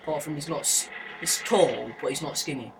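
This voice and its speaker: A man's voice: a little high, fairly quick, gravelly. A young man commentating a horror game, jumpy and nervous, screaming at scares and taunting the monster. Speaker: gaming YouTuber. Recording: noisy home recording.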